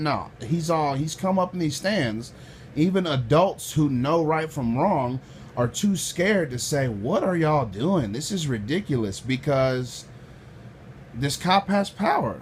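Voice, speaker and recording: A loud man telling a personal story with lots of swearing, acting out the people in it and swinging from quiet to shouting. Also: medium pitch, a little hiss or hum. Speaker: storyteller recounting a personal run-in.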